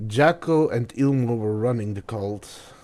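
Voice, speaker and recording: A man's voice: medium pitch, unhurried, a little mellow. A man streaming a video game, reading in-game notes aloud and thinking through puzzles as he goes.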